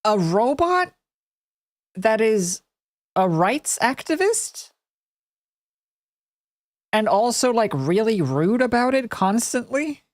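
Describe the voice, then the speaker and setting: A woman's voice: a little high, very animated, takes it slowly, long pauses, dry recording. A young woman streaming, giving casual, rambling, sarcastic commentary.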